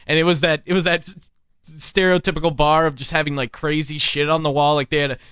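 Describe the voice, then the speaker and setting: A man's voice: fairly high pitch, little pitch movement, fast, fairly bright tone, clear, resonant tone, dry recording, lo-fi sound. A man hosting a casual talk show, telling rambling stories with plenty of restarts. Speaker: podcast host. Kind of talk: casual chat.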